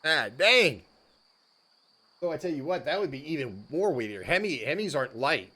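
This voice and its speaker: A man's voice: on the high side, big pitch swings, moderate pace, bright, forceful tone, husky. A man hosting a livestream, chatting casually with viewers in a jokey way and laughing often. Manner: jokey, laughs often, says "dude" and "frickin'". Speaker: livestream host.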